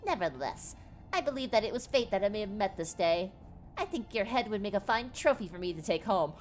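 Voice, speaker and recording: A woman's voice: mid-range voice, animated, brisk, faint music behind, close to an everyday voice. A woman voicing a pompous, wealthy, short old man with a nasal voice while reading a game's dialogue aloud. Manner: haughty, grandiose.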